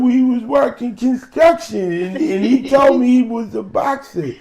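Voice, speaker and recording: A guest comedian telling a profane, animated story on a podcast, laughing as he goes. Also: extremely high pitch, unhurried, vocal fry, hardly any pauses, a little hiss or hum.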